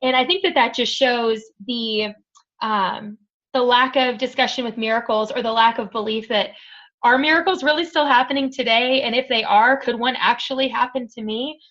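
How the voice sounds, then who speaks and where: A woman speaking as a podcast guest, her voice sitting a touch high. She talks earnestly, stopping often on "um" as she pieces her account together. The recording is dull and lo-fi. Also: moderate pace, fairly bright tone. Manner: earnest, many "um" fillers. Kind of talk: personal story in conversation. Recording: dull lo-fi audio.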